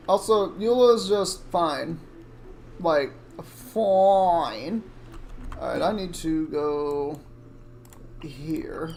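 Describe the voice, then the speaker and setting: A man's voice: fairly high pitch, drawn-out words, creaky, long pauses, darkish tone, a little hiss or hum. A man streaming a video game, chatting casually and reacting aloud to what happens on screen. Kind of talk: casual gameplay commentary. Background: game music.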